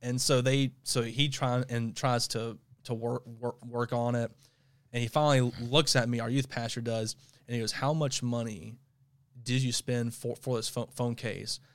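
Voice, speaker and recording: A man co-hosting a podcast, telling a story in casual chat, animated, laughing often and stumbling over repeated words. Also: mid-range voice, normal speed, smooth. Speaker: podcast co-host.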